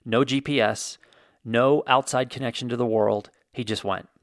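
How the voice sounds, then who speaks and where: A man with a gravelly, fry-tinged voice tells casual stories to the camera. He is chatty and jokey, slipping into acted-out quotes. The sound is dry and close. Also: mid-range voice, steady tone, moderate pace, no echo. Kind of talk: casual storytelling monologue.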